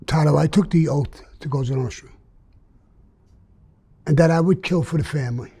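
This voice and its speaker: Older New man, gravelly dark voice, blunt storyteller in an interview. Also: a little high, moderate pace. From New York. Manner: blunt, streetwise storytelling that acts out the dialogue.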